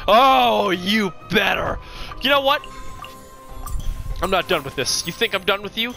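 A hoarse, bright-toned gamer commentating a digital card match. The pitch leaps wildly between low muttering and high shouts as they taunt the opponent. Faint music sits under the voice. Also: animated, a little slow. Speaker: gaming video creator. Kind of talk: excitable card game commentary.

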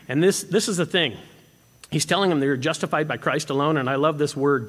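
A man preaches with an animated delivery, driving some points hard and dropping to a near hush on others. His voice sits a little high for a man. The sound carries a long reverb from the hall. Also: normal speed. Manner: animated, swinging from emphatic to hushed. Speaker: pastor. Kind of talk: expository sermon. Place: church sanctuary.

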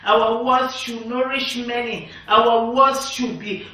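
A woman's voice: on the high side, steady tone, slow pace, pushed and bright. A woman preaching a sermon in repetitive, emphatic declarations. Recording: echoey room, distant mic.

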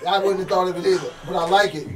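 A man's voice: high voice, steady tone, fast, distant mic. A man co-hosting a podcast, tossing out dry playful quips. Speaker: podcast co-host. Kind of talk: joking banter.

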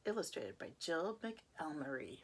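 A woman, a preschool teacher, reading a children's picture book aloud with expressive, sing-song phrasing. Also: sits low, a little slow, slight background noise.

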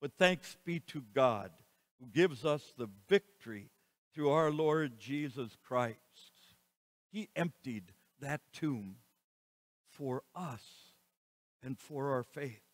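A man giving a sermon as pastor, moving between quiet passages and loud, emphatic lines. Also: mid-range voice, animated, slow, dry recording. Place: church.

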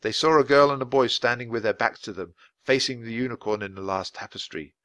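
A man reading a children's book aloud at a clear, natural pace for language learners. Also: mid-range voice, fairly bright tone, no echo. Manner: clear, deliberate storytelling for learners. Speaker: audiobook reader.

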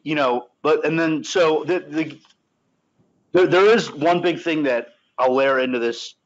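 A man's voice: mid-range voice, dull audio. A man talking casually on a podcast about a book, rambling with many restarts. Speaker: podcast team member.

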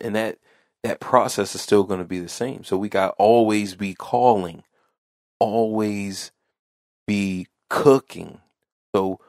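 A man's voice: on the low side, no echo, clean studio sound. A man hosting a podcast, telling a casual story in a rambling way that repeats phrases and restarts often. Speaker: podcast host.

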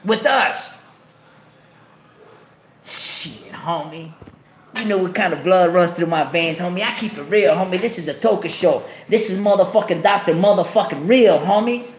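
Loud profane man. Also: high voice, moderate pace. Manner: profane, loud street slang. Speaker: podcast host. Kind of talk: casual storytelling. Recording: echoey room.

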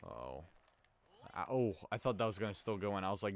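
A man's voice: fairly low pitch, big pitch swings, brisk. A man giving casual, rambling commentary while playing a hockey video game, reacting to each save. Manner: chatty, rambling, reacts to plays. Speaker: let's play host.

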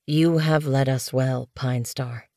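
Woman doing a low, grave tomcat warrior. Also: steady tone, takes it slowly, dark tone, no room sound, clean studio sound, exaggerated voice. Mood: earnest. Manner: grave, earnest, lowered voice. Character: steady male cat warrior, dutiful new leader.

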